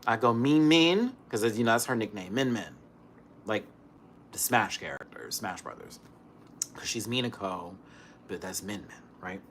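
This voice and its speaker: A man ranting casually on camera, swinging between loud outbursts and hushed muttering, still recovering from an illness. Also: fairly low pitch, normal speed, pauses often, slight background noise. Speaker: vlogger.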